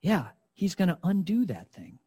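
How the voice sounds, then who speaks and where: A man's voice: sits high, huge pitch swings, moderate pace, dark tone, slightly rough. A man preaching a sermon in an earnest, emphatic way, addressing his listeners directly.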